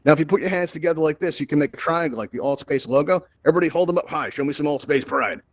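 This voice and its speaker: A man's voice: fairly high pitch, very fast, no echo, poor audio. A man hosting a live virtual-reality tutorial, chatty and upbeat, who keeps asking "right?" into a headset mic. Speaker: VR event host.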